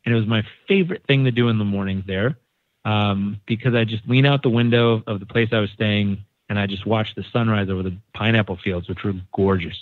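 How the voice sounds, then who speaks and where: A man's voice: on the low side, brisk, no echo. A man from San Diego telling a story as a podcast guest, acting out the people in it. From San Diego, United States. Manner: animated storyteller, acting out quoted voices. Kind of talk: casual storytelling. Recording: dry, phone-like narrow sound.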